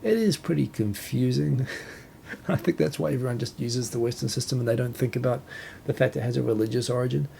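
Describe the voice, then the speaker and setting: Kiwi guy rambling on his talk show, low gravelly voice, faint rumble behind. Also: a little fast, warm tone. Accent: New Zealand. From New Zealand. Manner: rambling, self-correcting, chuckling asides. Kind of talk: casual solo talk show chat. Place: home, Tokyo.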